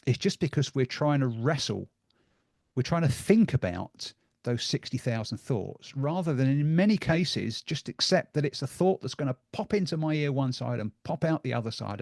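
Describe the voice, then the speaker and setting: A man's voice: medium pitch, expressive, moderate pace, darkish tone, no echo, studio quality. A middle-aged man giving a live talk to an audience, conversational and full of ums and repeated words.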